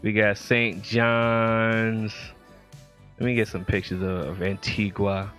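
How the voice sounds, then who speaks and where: A man's voice: on the low side, level tone, takes it slowly, fairly bright tone, soft background music. Laid-back slangy man streaming late at night. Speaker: livestream host.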